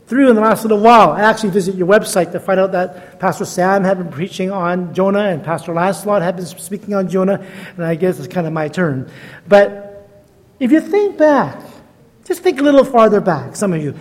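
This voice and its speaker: In a large hall, a man in his sixties preaches as a guest, weaving stories into a sermon full of self-mockery and chuckles at his own humor. His voice is high-pitched and a little mellow.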